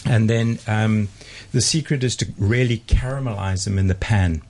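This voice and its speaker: A man from South Africa with a South African accent, talking about cooking in a relaxed, rambling way on a radio show. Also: on the low side, normal speed. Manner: relaxed, rambling explanations with fillers. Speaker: radio co-host. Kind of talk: casual food chat on radio.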